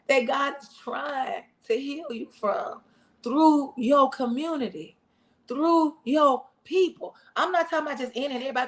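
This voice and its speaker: High-voiced woman preaching with rhythmic repetition. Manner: preachy, call-and-response, repeats phrases. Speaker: pastor. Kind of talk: live-streamed sermon talk. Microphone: wears hearing aids, speaking to camera.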